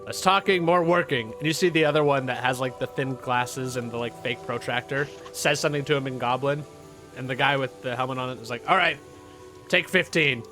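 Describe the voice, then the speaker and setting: A man's voice: medium pitch, fairly even intonation, fast, a bit bright, faint music behind. A man narrating as dungeon master in a tabletop game, casual and full of fillers.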